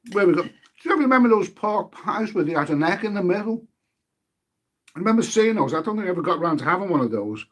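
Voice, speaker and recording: Husky guy rambling on his live stream, reading chat names out, mouth half full. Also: high voice, very animated, fast talker. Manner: chatty, eats while talking, swears mildly, reads viewer names aloud.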